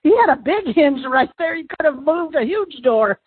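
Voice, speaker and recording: A woman with a high voice hosts a casual interview. She keeps things chatty, asks for stories and reacts eagerly, and her sound comes through a thin, tinny line like a phone call. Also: expressive, moderate pace, dry recording. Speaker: podcast host.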